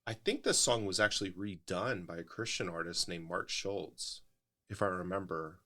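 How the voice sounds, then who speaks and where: Middle-aged pastor guy, really low voice, talks it through slow and thoughtful, restarts a lot. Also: bright, forceful tone. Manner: explanatory, thoughtful, with frequent restarts. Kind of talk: casual podcast conversation.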